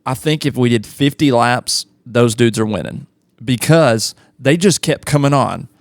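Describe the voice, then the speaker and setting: A man co-hosting a podcast, talking in a relaxed, casual way and chiming in with short agreements. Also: mid-range voice, measured pace, no room sound, clean studio sound. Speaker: podcast co-host. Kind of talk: casual chat.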